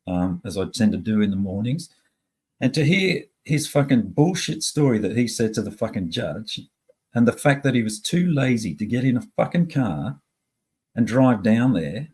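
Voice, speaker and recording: A man's voice: medium pitch, very animated, moderate pace, a little mellow, breathy edge. A middle-aged man, ranting angrily in a profane, rambling monologue.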